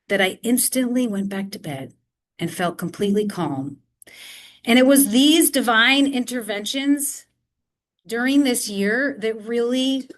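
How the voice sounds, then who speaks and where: A woman speaks to an audience in a library, telling her own story. She acts out the quoted voices as she goes, and her pitch sits in a middle range. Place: public library talk before a live audience.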